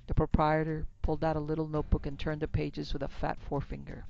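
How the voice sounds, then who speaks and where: A man narrating an old western story in a measured, steady reading. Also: a little high, creaky, muffled recording, faint music behind.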